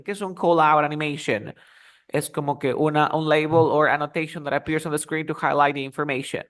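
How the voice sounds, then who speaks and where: A man teaches English over a video call and slips between both languages as he explains. His voice sits a little high, and he acts out small example dialogues to show each phrase. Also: steady tone, brisk, a bit bright. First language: Spanish. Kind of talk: online English lesson.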